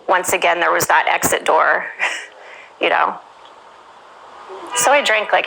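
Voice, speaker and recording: A woman's voice: fairly low pitch, gravelly, pushed and bright, slight background noise, poor audio. A woman being interviewed, frankly recounting her own past in a conversational way, with many "you know"s. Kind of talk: candid personal testimony.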